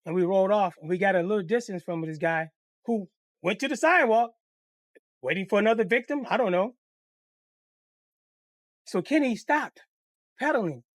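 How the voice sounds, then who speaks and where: In this clean, dry studio recording, a man with a high voice recounts something that happened to him, cursing liberally and performing the voices of each person involved. His pace is normal, broken by long pauses. He's a storyteller hosting his own channel, and his delivery is lively and profane.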